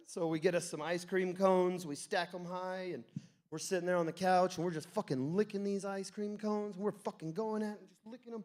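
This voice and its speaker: A young man with a high voice tells a crude, rambling story on a comedy club stage. He swears constantly and keeps cracking himself up as he goes. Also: brisk. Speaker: stand-up comic. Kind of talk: stand-up comedy set.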